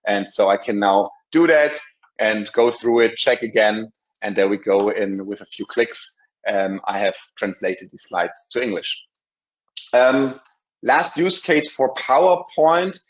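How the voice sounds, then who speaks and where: A man with a German accent giving a live software demo in a webinar, talking casually with many ums and restarts. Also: lowish voice, unhurried, muffled recording. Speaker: webinar presenter.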